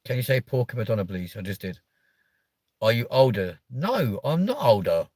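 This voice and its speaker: A man's voice: medium pitch, lively intonation, fairly quick, darkish tone, no room sound. Mock-offended British man in his thirties. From United Kingdom. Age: 30s. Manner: playful, mock-offended, swears casually. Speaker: livestream host. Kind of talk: casual live chat reading viewer comments.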